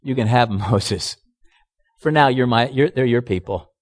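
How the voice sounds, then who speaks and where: A man voicing a sarcastic, mock-forgiving God in a much lower voice than his own. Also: normal speed, natural voice. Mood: dismissive. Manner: mock-indulgent, dry.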